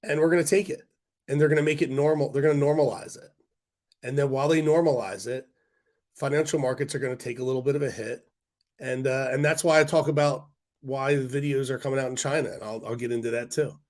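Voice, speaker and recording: A man with a hoarse, congested voice talks casually to his livestream viewers. He rants bluntly and breaks off into quick asides to the chat. His pitch sits in an ordinary middle range. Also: fairly even intonation, darkish tone. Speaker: stock market livestream host.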